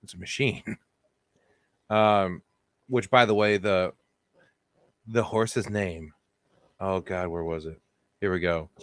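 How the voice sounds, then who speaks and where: A man with a low voice tells comedic stories on a podcast, animated and quick to laugh. The sound is dry and close, with no room echo. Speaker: podcast co-host. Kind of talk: comedic storytelling chat.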